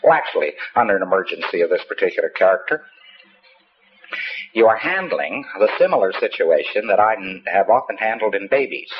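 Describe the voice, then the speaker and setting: Low-voiced man giving a rambling lecture. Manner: folksy, wry, profane asides. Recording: dull lo-fi tape with faint hiss.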